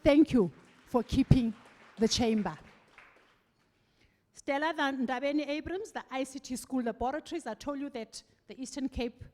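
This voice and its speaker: Middle-aged South African woman, lively anecdotal speaker, voice sitting a bit high, long hall reverb around her. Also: normal speed, pauses often. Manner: animated storytelling, acting out quoted voices. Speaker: farewell speaker. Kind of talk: anecdotal farewell speech.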